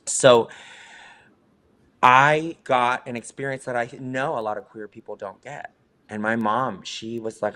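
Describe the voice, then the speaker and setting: A man's voice: mid-range voice, fairly even intonation, a little slow, pushed and bright. A young adult man, a drag musician, speaking earnestly and reflectively about his life in an interview, at times openly emotional. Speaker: documentary subject, drag musician. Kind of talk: interview conversation.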